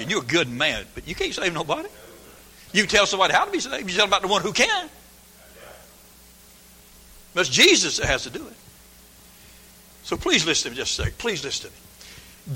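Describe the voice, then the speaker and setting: Older preacher, folksy and lively, fairly high voice, husky edge, reverberant church. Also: male voice, a little fast, pauses often. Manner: folksy storytelling, swinging from hushed asides to shouting. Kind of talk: sermon. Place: church sanctuary. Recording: long hall reverb.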